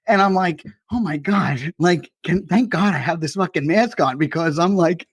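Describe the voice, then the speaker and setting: A man's voice: sits high, moderate pace, no room sound, clean studio sound. A man co-hosting a casual comedy podcast, telling stories as rants and swearing freely. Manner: ranting storyteller, swears freely. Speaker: podcast co-host.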